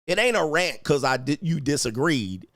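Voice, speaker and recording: A man's voice: on the high side, expressive, moderate pace, fairly bright tone, no room sound, clean studio sound. A man hosting a livestream, ranting at commenters in a brash, profane, taunting way and laughing at them. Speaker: livestream host reading chat.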